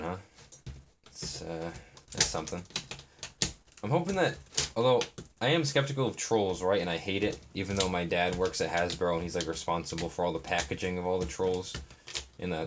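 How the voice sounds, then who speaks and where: A young man chatting in a meandering, self-deprecating way on a live stream while he builds. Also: sits low. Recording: noisy, with keyboard and brick clicks.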